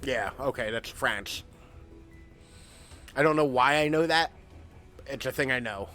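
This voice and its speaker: A man's voice: medium pitch, a little slow, bright, forceful tone, faint music behind. Rambling young man streaming a game. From United States. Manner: rambling, chatty, self-mocking. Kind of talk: casual gameplay commentary.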